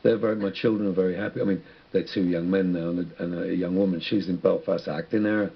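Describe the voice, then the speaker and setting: A man's voice: low-pitched, flat delivery, quick pace, gravelly, slightly rough, highs cut off. A man guest on a radio interview, speaking in a rambling, reflective way with many restarts. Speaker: musician guest.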